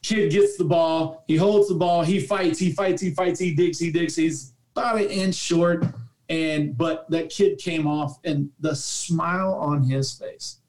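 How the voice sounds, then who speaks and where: A man's voice: a little high, fairly even intonation, a little slow, a little mellow. A man who coaches youth football, chatting on a podcast panel and telling a story with heartfelt emphasis. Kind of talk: casual roundtable chat.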